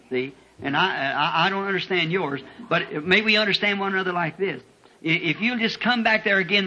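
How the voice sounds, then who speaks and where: A man preaching a sermon as a personal testimony, turning emotional and shooting into high-pitched bursts as he tells his story, recorded at a church meeting. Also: pushed and bright, a little hiss or hum. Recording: dull lo-fi archival tape.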